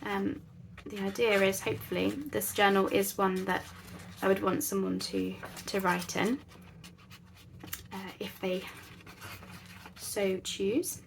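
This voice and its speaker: A crafting channel host talks slowly through a craft project in a chatty, rambling, self-deprecating way, often joking at her own expense. Her mid-pitched voice is gravelly and creaky, with faint noise in the background.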